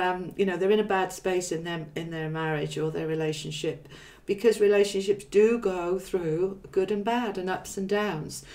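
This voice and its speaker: Woman, live-stream host; chatty, laughs often, earnest when teaching. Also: medium pitch. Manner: chatty and warm-humoured, laughs often, reads comments aloud. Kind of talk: live-stream chat reading viewer comments.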